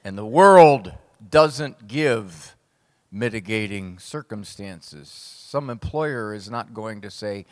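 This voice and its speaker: A middle-aged man, a psychologist, giving a humorous speech to a live audience with wry, punchy, deadpan jokes. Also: lowish voice, takes it slowly. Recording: long hall reverb.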